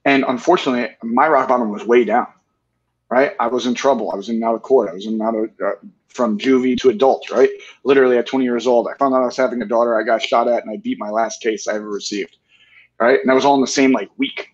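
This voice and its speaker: An earnest man in his forties talks candidly as an interview guest, often checking in with "right?". His voice is slightly husky. The recording is muffled and lo-fi. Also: medium pitch, fairly even intonation, quick pace. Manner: earnest, tag questions with "right?".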